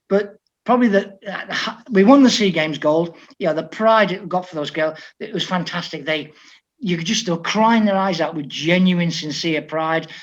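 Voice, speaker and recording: English man telling lively coaching stories. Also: sits high. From England. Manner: lively storyteller who quotes others in dialogue. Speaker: football coach, interview guest. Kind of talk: conversational anecdote telling. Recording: slightly dull lo-fi audio.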